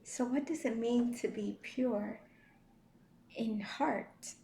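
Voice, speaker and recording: A woman giving a casual devotional talk as a vlogger, gentle and unhurried, with many fillers and soft laughs. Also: a little high, creaky, echoey room, a little hiss or hum. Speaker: vlogger sharing faith reflections.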